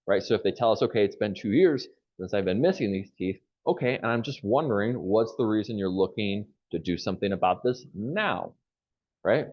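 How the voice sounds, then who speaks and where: A man's voice: lowish voice, highs cut off. A man leading a live online training session on phone skills, coaching energetically and acting out quoted phone lines.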